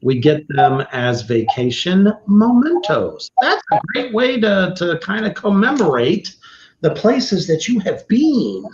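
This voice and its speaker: A man's voice: sits high, wildly swooping pitch, measured pace. A man hosting a casual livestream, reading viewer comments aloud, swearing freely and laughing often. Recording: roomy, slightly dull sound.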